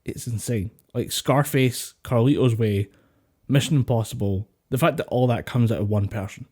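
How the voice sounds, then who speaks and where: Rambling, laughing podcast guy with a mellow voice. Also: medium pitch, normal speed, husky. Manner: swears freely, laughs often, rambling storytelling. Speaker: podcast co-host. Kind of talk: casual chat. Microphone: home mic over online call.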